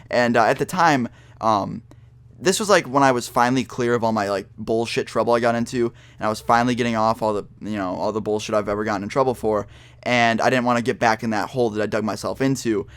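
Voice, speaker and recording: A young man at an ordinary middle pitch tells a storytime in a loose, rambling way. He swears freely and stumbles through ums and restarts. The sound is close and dry, with no room around it. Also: fast talker, clean tone, dry recording. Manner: rambling, profane, with many fillers and restarts. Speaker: vlogger. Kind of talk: casual storytime monologue.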